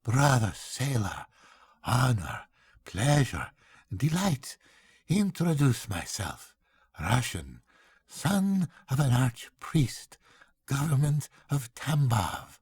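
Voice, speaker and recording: A man's voice: medium pitch, wildly swooping pitch, darkish tone, husky, exaggerated voice. An older man voicing an eager, cheerful young wanderer who gushes and swings between moods. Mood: gabbling excited. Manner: gushing, rapid mood swings. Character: cheerful excitable young man in patched clothes.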